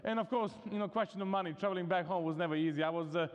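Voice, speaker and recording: A very fast, high-pitched male voice with a lo-fi sound belongs to a Serbian guest preacher speaking in a Serbian accent. He preaches conversationally and humorously, leaning on casual fillers, at a university vespers service where the big chapel hall produces long reverb.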